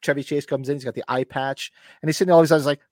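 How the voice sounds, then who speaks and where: A man co-hosting a podcast in casual chat, telling stories in an animated way. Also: a little high, racing, dry recording, clean studio sound. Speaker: podcast co-host.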